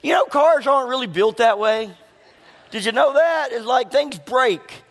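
Man, middle-aged pastor, folksy sermon storytelling, high voice, long hall reverb. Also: lively intonation, a little slow. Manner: folksy, storytelling, asks the congregation questions. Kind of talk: sermon with personal stories.

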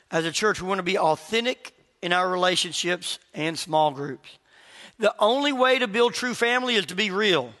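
A man preaching a sermon as pastor, telling personal stories in an animated way and acting out the voices of the people he quotes. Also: high-pitched, in a large hall.

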